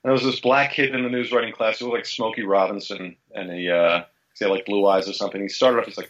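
A man's voice: lowish voice, fairly even intonation, fast talker, a bit bright, highs cut off. A man from the Philadelphia area, a guest writer telling blunt, profane stories in a casual podcast interview.

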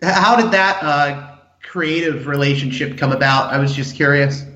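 A man's voice: on the high side, moderate pace, sharp tone. Hesitant interviewer man in a roomy space. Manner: hesitant, full of "uh" fillers. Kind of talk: casual interview questions. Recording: roomy, somewhat dull recording.

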